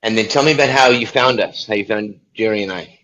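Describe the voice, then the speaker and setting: A man's voice: on the low side, quick pace, a bit bright. A man hosting an online talk show, earnest and encouraging as he interviews a guest. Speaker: show host. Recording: muffled lo-fi sound with faint background noise.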